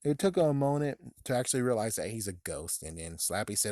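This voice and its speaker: A man giving a casual, animated spoken book review, cursing often and acting out characters' lines in quick bursts. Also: fairly low pitch, no room sound, clean studio sound.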